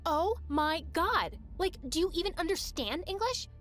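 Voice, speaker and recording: A woman voicing a cruel, bossy teenage cheerleader in an animated story, talking in a sneering way. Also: very high-pitched, moderate pace, soft background music, pitched above the performer's own voice. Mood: shrill anger. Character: bratty popular teen cheerleader girl, cruel.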